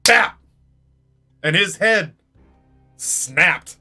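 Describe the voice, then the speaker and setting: Bright-voiced man telling a rowdy story. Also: a little high, moderate pace, faint music behind. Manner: animated, swears freely, laughs often. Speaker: streamer. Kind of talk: casual storytelling during a game stream.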